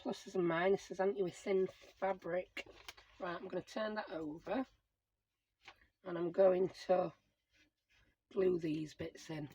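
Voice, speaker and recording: A woman's voice: lowish voice, steady tone, a little slow, pauses often, warm tone, breathy edge, poor audio. A middle-aged woman, chatting to herself as she works on a craft project and explains each step. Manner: chatty, self-talking while working. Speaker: crafting channel host. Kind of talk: casual crafting commentary.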